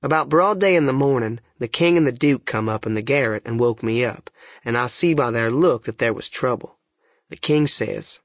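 Husky-voiced man narrating an audiobook. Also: medium pitch, brisk, no room sound, studio quality. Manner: plain, folksy storytelling. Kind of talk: first-person storybook narration in folksy dialect.

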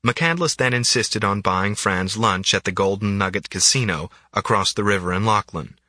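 A man reading an audiobook in an even, measured narration. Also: fairly low pitch, no echo.

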